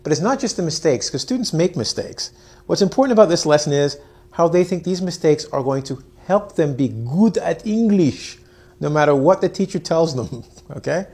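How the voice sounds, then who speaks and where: A man's voice: a little high, lively intonation, moderate pace, a little mellow. A man teaching an English lesson on video, joking, mocking himself and acting out his students. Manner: playful, self-mocking, acts out students.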